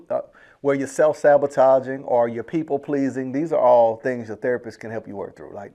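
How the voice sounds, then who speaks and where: A man hosting a business podcast in a casual, slangy, animated way, laughing often and acting out little asides. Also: mid-range voice. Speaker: podcast host. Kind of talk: casual motivational podcast talk.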